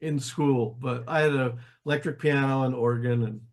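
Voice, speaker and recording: Here the older jazz pianist from New Jersey talks at a normal speed with a mid-range voice while guesting on an interview show. His casual anecdotes are lively, full of restarts and quoted voices he performs.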